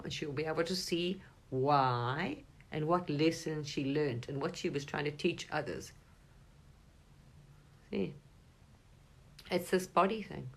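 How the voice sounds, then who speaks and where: A woman giving a casual, rambling spiritual monologue to camera, talking animatedly and breaking into sudden high, excited bursts. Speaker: spiritual vlogger.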